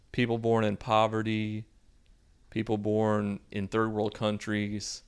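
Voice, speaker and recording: Low, gravelly man with a sarcastic recap. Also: normal speed. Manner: sarcastic, deadpan asides, swears freely. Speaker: video host recapping a movie. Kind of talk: casual sarcastic movie recap.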